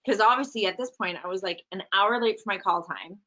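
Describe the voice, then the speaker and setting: A middle-aged actress from Canada, telling stories in a casual, animated interview. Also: female voice, on the low side, low-quality recording. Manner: animated, chatty, quick asides. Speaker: actress, guest.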